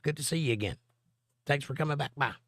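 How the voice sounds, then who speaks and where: A man's voice: fairly high pitch, fast, dry recording, clean studio sound. Chatty man reading live chat. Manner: joking, chatty, answers chat directly. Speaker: live stream host. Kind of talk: casual chat, reading viewer comments aloud.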